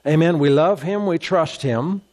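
Male pastor, fairly high voice, emphatic sermon delivery with repeated phrases. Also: moderate pace, a little mellow. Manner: emphatic, repeats phrases, reads scripture aloud.

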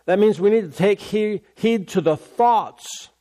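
A man's voice: high-pitched, a little slow, dark tone. A male pastor preaching a sermon, repeating key words for emphasis and asking rhetorical questions.

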